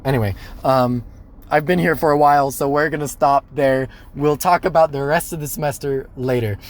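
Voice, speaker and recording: A young man casually telling a personal story, animated and laughing, acting out the voices of people he quotes. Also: fairly high pitch, moderate pace. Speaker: storyteller vlogger.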